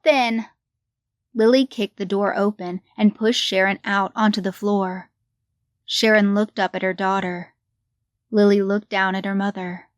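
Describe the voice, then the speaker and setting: A woman narrating a horror story in a measured, deliberate way. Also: mid-range voice, no room sound, clean studio sound.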